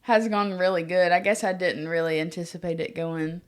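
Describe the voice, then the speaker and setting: Soft-spoken young woman, supportive co-host. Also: lowish voice, fairly even intonation, normal speed. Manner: agreeable, supportive, short affirmations. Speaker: podcast co-host. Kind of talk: casual faith conversation.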